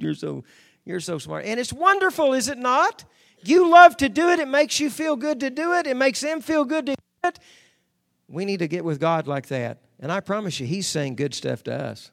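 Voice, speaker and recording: A man preaching a sermon, calling for amens and repeating phrases for emphasis, moving from low, intimate passages to loud shouted declarations. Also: creaky. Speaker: pastor.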